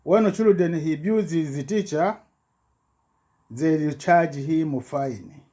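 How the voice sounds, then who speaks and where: Slow halting man in broken English. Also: a little high, warm tone. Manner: halting broken English, many restarts and repetitions. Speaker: self-recorded complainant. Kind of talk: rambling personal account.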